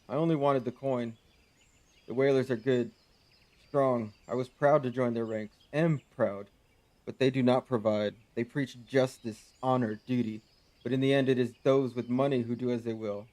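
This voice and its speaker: An actor playing a proud, bitter soldier who turned traitor, speaking formal, archaic lines in a game cutscene. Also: male voice, mid-range voice, steady tone, moderate pace, darkish tone, close to an everyday voice. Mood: regretful.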